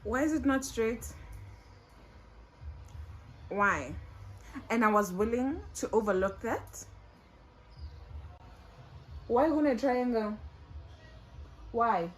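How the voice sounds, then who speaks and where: A woman's voice: fairly high pitch, animated, slow, long pauses, a little hiss or hum, rough recording. A woman telling a casual storytime, exasperated and incredulous.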